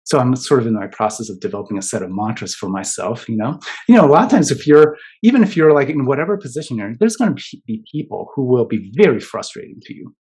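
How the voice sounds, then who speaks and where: A man's voice: mid-range voice, animated, fast, few pauses, darkish tone, slightly rough. A man giving a keynote talk in a conversational way, often tagging his points with "right?" and "you know?". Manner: conversational, many fillers and "right?" tags. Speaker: keynote speaker.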